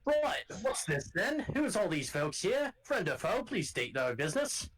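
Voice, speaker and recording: A man's voice: high-pitched, very animated, normal speed, a bit bright, slight background noise, voice pushed up, low-quality recording. A man voicing a chatty adventurer, putting on a blended Scottish and Irish accent and rambling in a folksy way. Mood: wary. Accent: put-on mix of Scottish and Irish. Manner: rambling, folksy, calls people lass. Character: chatty male adventurer with a put-on brogue.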